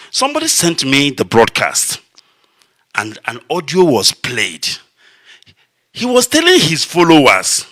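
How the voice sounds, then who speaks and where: This male radio broadcaster, who has a Nigerian Igbo accent, gives an impassioned, declamatory monologue, repeating himself for emphasis. His voice is medium in pitch with a bright, forceful tone.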